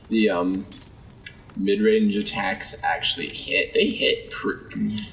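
A man's voice: distant mic, a little hiss or hum. A young man giving joking let's play commentary, chatting to game characters as he plays. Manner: jokey, talks to game characters, lively swings in pitch. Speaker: gaming video host.

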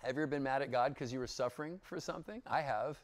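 A man's voice: medium pitch, fast talker. A man teaching the Bible in a casual, conversational sermon, often checking in with his listeners. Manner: chatty, keeps checking in with "yeah?". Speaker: pastor.

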